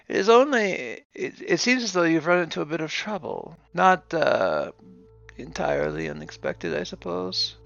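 A man voicing a fussy, curious, grumpy old male accountant who stammers in a raised pitch, on a dull recording with faint music. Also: very animated, normal speed, gravelly, a bit bright, no room sound, full character voice.

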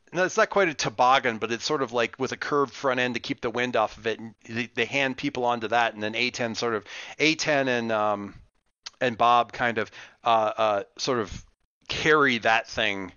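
Game master, male, rambling and full of restarts; bright tone, dry, lo-fi online call audio. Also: mid-range voice, normal speed, smooth, no echo. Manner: rambling, many fillers and restarts. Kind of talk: narrating a tabletop game. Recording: muffled lo-fi voice chat.

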